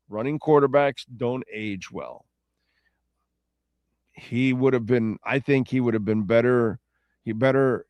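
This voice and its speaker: A man's voice: mid-range voice, dry recording, clean studio sound. A man hosting a casual talk show, rambling through listener comments and correcting himself as he goes. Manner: rambling and self-correcting, loose and chatty. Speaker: radio show host.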